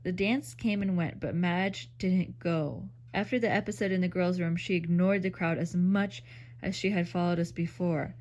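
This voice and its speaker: A woman reading an old magazine story aloud, in a steady, even storytelling manner. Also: lowish voice, normal speed. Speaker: reader.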